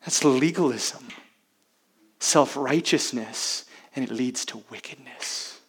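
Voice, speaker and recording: Male pastor, sermon, emphatic, rhetorical questions, loud-to-hushed swings. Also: medium pitch, slow pace, husky. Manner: uses rhetorical questions to the congregation.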